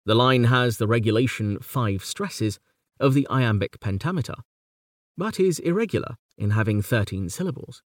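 A man reading a scripted lecture in a measured, precise way, letting quoted lines of verse slow down and swell. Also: medium pitch, lively intonation, no room sound, studio quality. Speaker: lecturer on poetry. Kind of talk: scripted educational narration.

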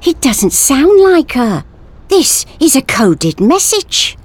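A woman voicing an anxious, earnest young man who speaks in a hushed, intense way, in a storybook reading. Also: high voice, sing-song, slow pace, pitched above the performer's own voice, heavily acted.

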